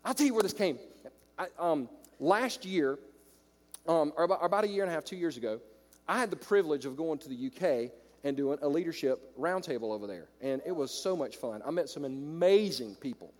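Southern male pastor, fairly high voice, animated sermon delivery, long hall reverb. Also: brisk. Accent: American Southern. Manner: energetic, swings from loud exclaims to quiet storytelling.

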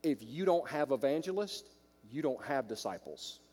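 A man preaching a sermon to church leaders, swinging from hushed asides to loud, ringing declarations. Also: mid-range voice, animated, moderate pace. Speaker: pastor. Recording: long hall reverb.

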